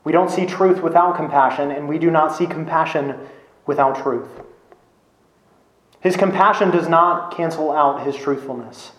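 A man delivers a sermon with earnest emphasis, stacking repeated phrases to drive each point home. His voice sits a little on the high side. The room adds a noticeable echo. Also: normal speed, fairly bright tone. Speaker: preacher. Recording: echoey room.

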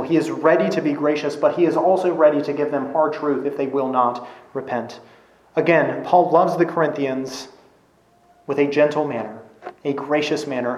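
Male preacher, slightly higher voice, earnest and emphatic, echoey room. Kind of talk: sermon.

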